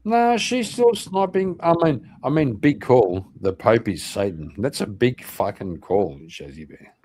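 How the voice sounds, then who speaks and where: A man with an Irish accent hosting an online interview show, chatting casually, animated and swearing freely. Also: mid-range voice, a little slow. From Ireland. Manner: animated, swears a lot, laughs often. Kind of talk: casual livestream chat.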